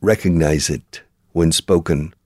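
A man hosting an interview, talking through language points by repeating example phrases with lively emphasis. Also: a bass voice, unhurried, no room sound, studio quality. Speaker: show host and language school founder. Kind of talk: conversational interview.

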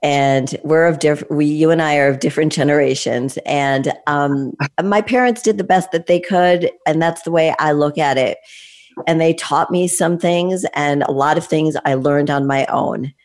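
A woman's voice: low-pitched, normal speed, darkish tone. A woman in her late fifties, a fitness trainer, hosting an interview and talking in long, thoughtful, winding sentences with restarts. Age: 50s. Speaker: host. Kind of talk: conversational interview.

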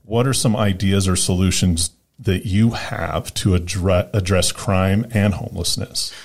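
Brief: male host, very low voice, measured questioner. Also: steady tone. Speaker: interview host. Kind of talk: interview questions.

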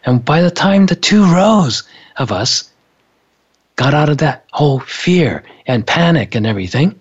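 A man telling a story in a relaxed, casual way, laughing often between thoughts. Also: a little high, unhurried, slightly rough. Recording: dull lo-fi sound.

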